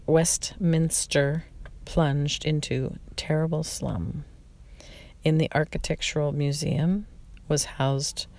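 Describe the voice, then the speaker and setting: Slow, gravelly memoir reader. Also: mid-range voice, darkish tone. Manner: slow, reflective reading with frequent slips and restarts. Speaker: narrator. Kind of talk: reading a memoir aloud.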